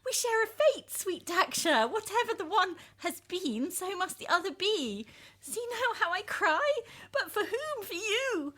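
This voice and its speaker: Brief: woman voicing a passionate jealous lover, bright and high, swinging between tenderness and bitterness. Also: sing-song, a little slow, heavily acted. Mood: desperate. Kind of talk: dramatic reading of a verse epic.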